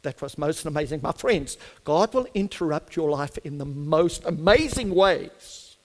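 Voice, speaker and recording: South african preacher guy, afrikaans accent, bit high voice, fired-up sermon, long echo like a big hall. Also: expressive, unhurried. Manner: fervent, building to emphatic climaxes.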